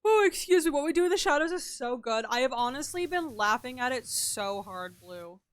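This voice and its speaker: A woman's voice: sits high, expressive, normal speed, dry recording. A young woman streaming a game and chatting casually, talking freely, swearing, and answering her chat. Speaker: gaming streamer.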